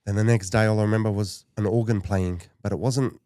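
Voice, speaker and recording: A man from Western Sydney, a podcast guest telling a personal story in a halting way with many restarts. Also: on the low side, steady tone, dark tone, dry recording, clean studio sound. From Western Sydney, Australia.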